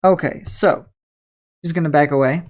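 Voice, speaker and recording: A man's voice: a little high, fairly even intonation, moderate pace. A man narrating a tabletop game as game master, moving between casual scene-setting and reading entries aloud.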